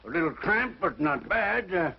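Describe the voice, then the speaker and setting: A blustering old cowboy grandfather, drawl, gravelly and husky, 1950s TV drama style. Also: high-pitched, big pitch swings, normal speed, exaggerated voice. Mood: jovial. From Wyoming. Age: older. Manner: loud, folksy, blustering. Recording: dull lo-fi 1950s film sound.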